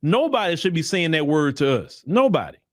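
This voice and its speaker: A man's voice: a little high, sing-song, moderate pace, no echo. A man giving blunt, emphatic opinion commentary in casual slang, often repeating himself for emphasis. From United States. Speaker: commentary channel host.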